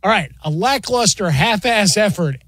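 A man's voice: high voice, animated, normal speed, fairly bright tone, no echo. A man co-hosting sports talk radio, wry and teasing, telling anecdotes.

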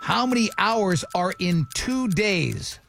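High-voiced chatty radio host man. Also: big pitch swings, vocal fry, a bit bright, slight background noise. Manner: chatty, teasing, quick asides. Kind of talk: casual radio banter, quiz hosting.

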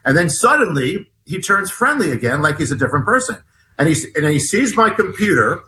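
Bright-voiced man telling an anecdote. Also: on the high side, big pitch swings. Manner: halting, many restarts, acts out dialogue. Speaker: guest author. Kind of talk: animated storytelling in an interview.

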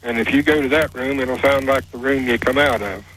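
Husky-voiced man calling in. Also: mid-range voice, fairly bright tone, low-quality recording. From West Virginia. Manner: plain-spoken, rambling, halting with fillers. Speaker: caller. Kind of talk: telling a personal story on a call-in show.

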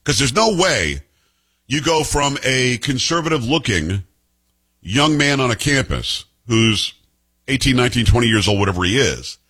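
Blunt New York man with a husky voice. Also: mid-range voice, fairly bright tone. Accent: New York Italian-American. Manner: blunt, sarcastic. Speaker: political commentary host. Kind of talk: opinionated commentary.

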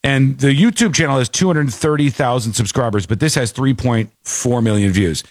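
A man's voice: medium pitch, normal speed, no echo. A man hosting a talk radio show, chatting casually and laughing as he mimics people in mocking quotes. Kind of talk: casual on-air commentary.

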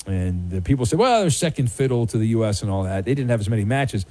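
A man's voice: on the low side, sing-song, quick pace, darkish tone. A man hosting a sports talk radio show, chatty and wisecracking with his callers. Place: radio studio. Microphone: studio microphone.

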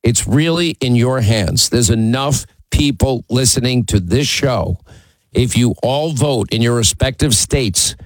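A man's voice: medium pitch, a little slow, no echo, rough recording. A man hosting a call-in talk radio show, speaking emphatically and teasing callers.

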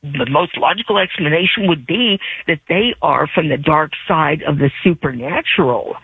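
Raspy woman calling in over the phone. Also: deep voice, normal speed, no room sound. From Virginia. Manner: rambling, conspiratorial musing. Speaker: radio caller. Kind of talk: phone-in call. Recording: tinny phone line.

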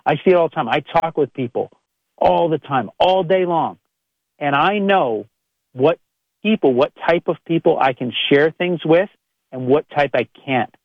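A man's voice: a little high, lively intonation, normal speed, no echo. A man who works as a chiropractor, giving a direct, earnest motivational monologue with lots of casual "like" fillers. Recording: dry, slightly dull audio.

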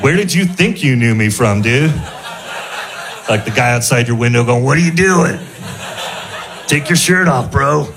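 A male stand-up comedian telling a rambling anecdote and chuckling at his own jokes. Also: on the low side. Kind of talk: stand-up storytelling.

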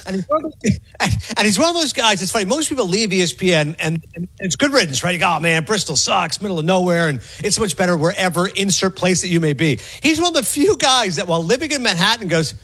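A middle-aged man talking sports on a radio show as a guest analyst, fast and animated, acting out quotes as he goes. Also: sits high, slightly rough, dry recording. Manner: rapid and animated, acts out quotes. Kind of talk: fast casual sports talk.

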